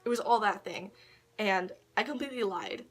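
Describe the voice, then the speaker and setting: A woman's voice: medium pitch, moderate pace. A woman telling a personal story to a camera propped on a tissue box in her bedroom, rambling and giggling, with lots of ums and likes. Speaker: vlogger.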